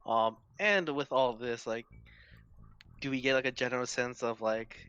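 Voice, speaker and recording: Male player, hesitant speech, middle pitch, muffled lo-fi mic. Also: fairly bright tone, smooth. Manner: halting, lots of fillers. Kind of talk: tabletop role-play.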